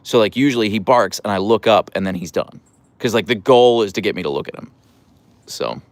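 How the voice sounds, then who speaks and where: A man's voice: brisk, dry recording. A man chatting casually on a live stream about his dog, rambling and self-deprecating. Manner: high cooing baby talk to his dog.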